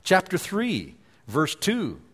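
A male preacher giving a sermon and reading scripture aloud, repeating key phrases with emphasis and dropping to a hush at times. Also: high-pitched, wildly swooping pitch, slow pace, slightly rough. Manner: repetitive emphatic phrasing, swings between loud and hushed. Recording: long hall reverb.

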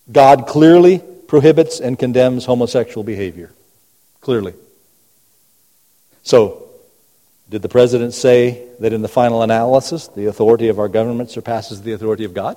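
A man preaches in a church sanctuary, his voice mellow and dark, carried by a long hall reverb. He asks rhetorical questions in a row and swings from booming emphasis to hushed, low lines. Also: normal speed. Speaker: pastor. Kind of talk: sermon.

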